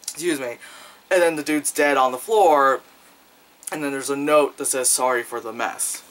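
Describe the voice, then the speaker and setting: Man, casual rambling review, profane, filler-heavy, slightly high voice. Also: moderate pace, a bit bright, a little hiss or hum, low-quality recording. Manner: loose, profane, many fillers; acts out quoted lines in jumpy voices. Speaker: film reviewer.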